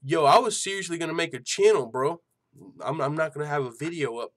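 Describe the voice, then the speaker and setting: A man's voice: on the high side, fairly quick, a bit bright. A man hosting an MMA news channel in casual chat, swearing freely and laughing often. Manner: loose and profane, laughs a lot, lots of fillers.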